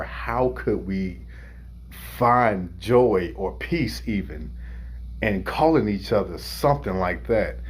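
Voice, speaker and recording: Husky, slow-talking man telling a story. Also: fairly low pitch. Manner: rambling and heartfelt, with many restarts and fillers. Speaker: host of a music review show. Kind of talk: personal storytelling monologue.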